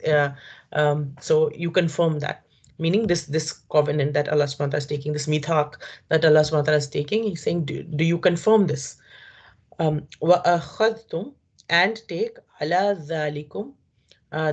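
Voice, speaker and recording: A Quran teacher giving a word-by-word scripture lesson, explaining slowly, repeating terms and often checking with "right?". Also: mid-range voice. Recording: dull lo-fi recording.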